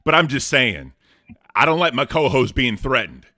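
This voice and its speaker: A man's voice: medium pitch, big pitch swings, normal speed, sharp tone, dry recording. A man co-hosting a podcast, talking in a laid-back, slangy way with dry humor. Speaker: co-host. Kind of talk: casual podcast banter.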